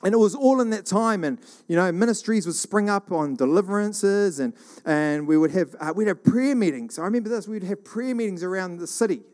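A middle-aged man from New Zealand telling rambling church stories in a casual, animated monologue. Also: sits high, fairly quick. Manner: rambling, animated, acts out quoted voices.

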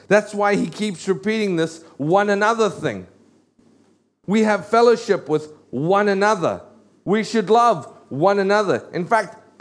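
A pastor giving a sermon in an earnest way, repeating key phrases for emphasis. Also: male voice, sits high.

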